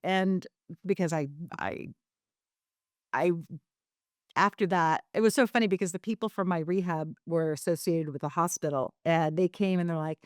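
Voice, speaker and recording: A woman's voice: fairly low pitch, normal speed, no room sound, clean studio sound. A woman guest on a podcast telling her story candidly, rambling with many fillers and restarts.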